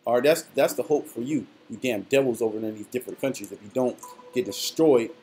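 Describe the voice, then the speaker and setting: Fiery, rough-spoken male preacher. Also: medium pitch, fast talker, a little mellow, slight background noise. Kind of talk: preaching with scripture reading.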